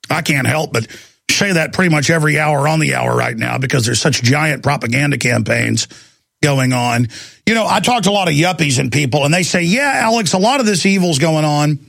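A man's voice: medium pitch, a little fast, vocal fry, fairly bright tone, no room sound. A man hosting a call-in talk show, delivering an angry, intense ranting monologue. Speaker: talk show host taking calls.

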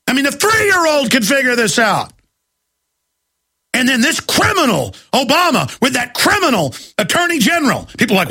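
A man hosting a talk radio show, ranting angrily, often shouting at his listeners. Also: extremely high pitch, huge pitch swings, moderate pace, breathy edge. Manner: angry, shouting, accusatory. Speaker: radio host.

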